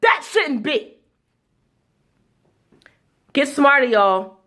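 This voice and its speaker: A woman's voice: sits high, very animated, very slow, sharp tone. A woman, delivering an angry, blunt, profane political rant straight to her viewers. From United States. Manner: heated, blunt and profane, speaking directly to viewers. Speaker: vlogger.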